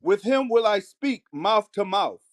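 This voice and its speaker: Man, high-pitched, measured scripture reader. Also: expressive. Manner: measured, slows on key phrases. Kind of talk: reading scripture aloud.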